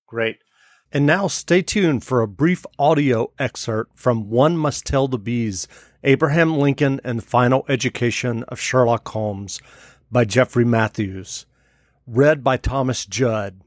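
A man hosting an interview and wrapping it up with a brisk promotional sign-off. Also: medium pitch, no room sound, studio quality. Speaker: interview host. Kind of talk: radio-style interview wrap-up.

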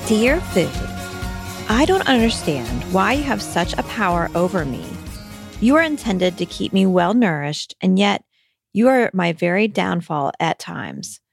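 A woman's voice: on the low side, big pitch swings, a little slow, creaky, faint music behind. A woman hosting a podcast, reading a listener's letter aloud and then giving reassuring, conversational advice with some hesitant restarts.

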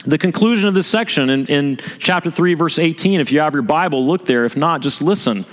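Pastor guy preaching, voice a bit high, lots of rhetorical questions, long churchy reverb. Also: animated, quick pace, few pauses, fairly bright tone. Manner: earnest, asks rhetorical questions and repeats key points. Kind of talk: sermon. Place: church sanctuary.

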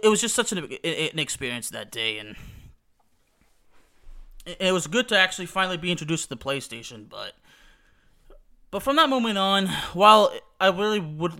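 Bright, clear-voiced rambling male podcaster. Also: a little high. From Texas. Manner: rambling, many restarts and "you know". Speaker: podcast host. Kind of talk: casual nostalgic monologue.

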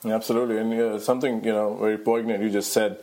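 Indian guy hosting a podcast, eager but halting, flat monotone voice. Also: on the low side. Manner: eager, halting, many fillers. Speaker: podcast host. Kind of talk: interview questions.

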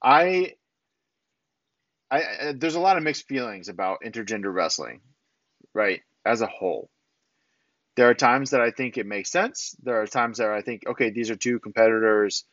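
A man with a lowish voice co-hosts a podcast, casually and animatedly recapping a wrestling show and acting out what the wrestlers said. The recording is muffled, with no echo.

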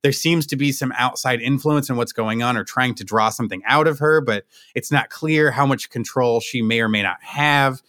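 A man's voice: medium pitch, normal speed, hardly any pauses, fairly bright tone, no room sound, studio quality. A man co-hosting a podcast, musing and questioning aloud in casual chat. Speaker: podcast co-host.

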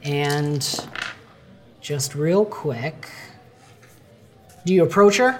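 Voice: mid-range voice, very slow, noisy background. A game master narrating a tabletop game in a casual, chatty way. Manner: casual, chatty, many fillers and restarts.

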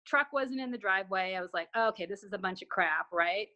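A woman's voice: medium pitch, a little fast, bright, forceful tone. A woman guest telling a personal story in conversation, acting out remembered dialogue with frequent restarts.

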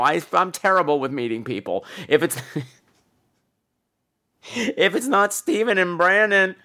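A man hosting a podcast, chatting casually and reacting to voicemails with theatrical swings from low mutters to high squeals. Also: a bit bright. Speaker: podcast host reading voicemails. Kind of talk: casual chat.

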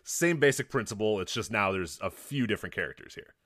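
A man co-hosting a podcast in easygoing casual chat, agreeable and quick to laugh. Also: fairly low pitch, expressive, fairly bright tone, no room sound, studio quality. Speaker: podcast co-host.

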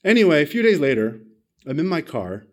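A man preaching a sermon, telling a personal story with big swings in pitch and loudness, self-deprecating and asking the congregation questions. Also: very animated, a little fast. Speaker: pastor.

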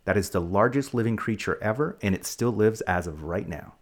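A man with a very low voice hosts a laid-back podcast. He rambles playfully as he explains facts to young listeners. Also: animated, fairly quick, breathy edge. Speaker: podcast host. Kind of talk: casual podcast chat.

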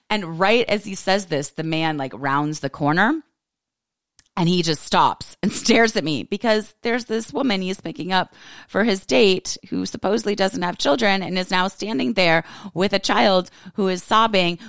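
A woman in her forties hosting a podcast, telling a funny personal story in a casual, animated way and laughing often. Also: on the low side, no echo, studio quality. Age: 40s. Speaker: podcast host.

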